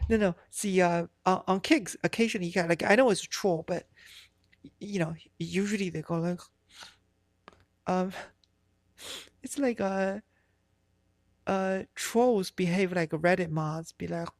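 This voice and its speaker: A woman's voice: lowish voice, measured pace, pauses often, no echo, clean studio sound. A woman streamer chatting casually on a live stream, rambling and swearing, with many fillers and restarts.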